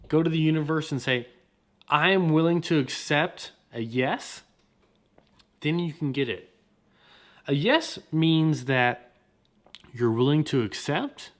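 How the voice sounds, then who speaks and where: A man hosting a motivational podcast, talking in an energetic, slangy way and repeating his points. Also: on the high side. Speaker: podcast host.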